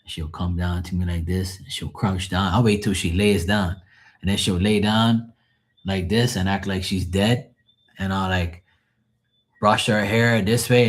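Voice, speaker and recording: A man's voice: lowish voice, steady tone, normal speed. A man hosting a live tarot stream, chatting casually in a rambling, profane, joking way.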